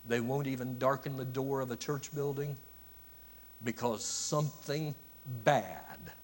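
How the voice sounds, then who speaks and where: A man preaching a sermon, with long dramatic pauses, sometimes dropping to a hushed near-whisper on key words. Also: medium pitch.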